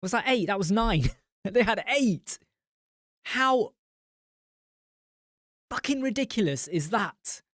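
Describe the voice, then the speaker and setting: A man's voice: high-pitched, expressive, slow, long pauses, a bit bright. Blunt guy ranting on a live stream, answering chat, dry no-echo mic. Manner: blunt and profane. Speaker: host.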